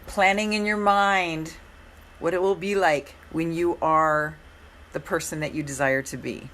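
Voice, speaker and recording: A middle-aged woman hosting a live coaching stream, speaking in a gentle, encouraging way with a hoarse voice and often repeating her phrases. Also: low voice, steady tone, unhurried, slight background noise.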